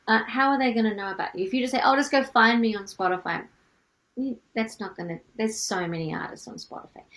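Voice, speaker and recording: A woman's voice: medium pitch, rough recording. A middle-aged woman from Australia with a light Australian accent, coaching music artists on business and asking lots of rhetorical questions. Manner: energetic, asks many rhetorical questions. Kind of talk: teaching to camera.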